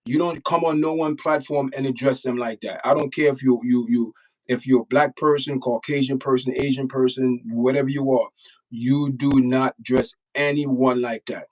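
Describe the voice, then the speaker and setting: Jamaican male host, middle pitch, forceful repetitive stream talk, mic set back a bit. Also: steady tone, moderate pace, far from the mic, rough recording. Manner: emphatic, repeats words, lectures the chat directly. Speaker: channel host reacting to news and chat. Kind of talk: casual livestream commentary.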